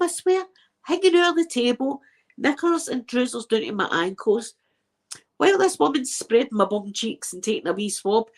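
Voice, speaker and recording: Scottish lady spinning wild stories, voice jumping up and down, cursing now and then. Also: a little high. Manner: animated, swearing, laughing at own stories. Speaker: ASMR channel host. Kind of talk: casual anecdote telling.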